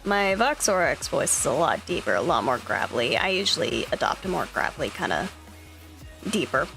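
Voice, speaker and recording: A woman voicing a gruff male character, dropping into a deeper, gravelly register. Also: big pitch swings, fairly quick, fairly bright tone, soft background music, exaggerated voice.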